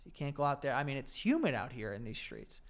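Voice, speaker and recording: A man's voice: medium pitch, big pitch swings, fast. A man co-hosting a podcast, reading an ad in a casual, jokey way and laughing at the copy. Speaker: podcast co-host. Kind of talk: casual chat with ad reads.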